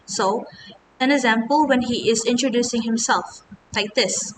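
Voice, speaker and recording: A young woman, earnestly reading out a class presentation as a student. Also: normal speed. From Malaysia. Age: 20s. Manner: earnest, scripted, mostly reading. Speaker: university student. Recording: distant mic with steady rumble.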